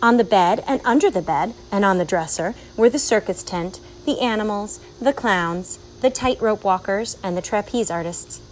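A woman narrating a children's storybook aloud in a clear, measured way. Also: medium pitch, animated, slight background noise, rough recording.

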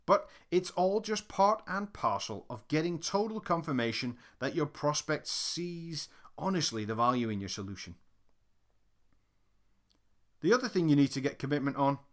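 A man's voice: on the high side, a bit bright. A man reading his own sales book aloud as instructional narration, emphatic and direct like a coach.

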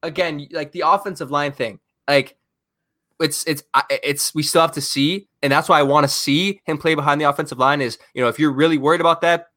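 A man co-hosting a sports podcast, ranting in an animated, exasperated way and firing off rhetorical questions. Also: on the high side, brisk, no room sound, clean studio sound. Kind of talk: heated sports talk.

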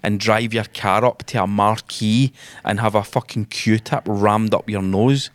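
A man's voice: lowish voice, steady tone, a little slow, no room sound. A Scottish man co-hosting a podcast, telling stories wryly and dramatically in casual sweary chat. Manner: wry, sardonic, dramatic storytelling. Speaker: podcast co-host.

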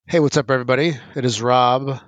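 A man's voice: mid-range voice, fairly even intonation, quick pace, no room sound. A man co-hosting a casual gaming podcast, joking and laid-back as he chats. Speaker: podcast co-host.

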